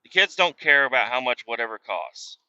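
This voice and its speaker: A man's voice: medium pitch, expressive, brisk, bright, forceful tone, smooth. A man in his thirties hosting a podcast, telling rambling, profane stories in casual talk and acting out what others said. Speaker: podcast host. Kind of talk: casual storytelling monologue. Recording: dull lo-fi sound.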